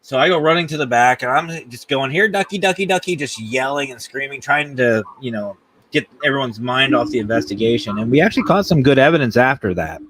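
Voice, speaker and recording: A man hosting a casual talk show, telling a funny story in an animated, jokey way and acting out voices. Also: medium pitch, fairly quick, a little hiss or hum. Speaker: podcast host.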